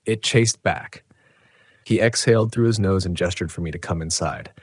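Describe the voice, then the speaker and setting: A man narrating a scripted horror story in a measured, tense way. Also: deep voice, a little mellow, breathy edge, no room sound.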